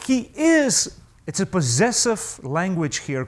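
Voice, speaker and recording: A man preaching a sermon, emphatic, asking the congregation rhetorical questions and slowing down to stress key phrases. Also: high voice, very animated.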